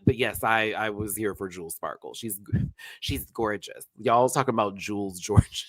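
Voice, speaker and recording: A man's voice: fairly low pitch, expressive, moderate pace, pushed and bright, dry recording. Sassy man hosting a live review. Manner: sassy, playful, talks to the viewers with slang. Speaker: host of a live review show. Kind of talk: animated commentary on a reality show.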